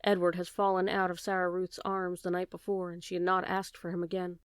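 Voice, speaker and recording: A woman reading a children's novel aloud with steady, gentle narration. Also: lowish voice, brisk, smooth, no room sound, studio quality. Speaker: audiobook reader. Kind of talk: storybook narration.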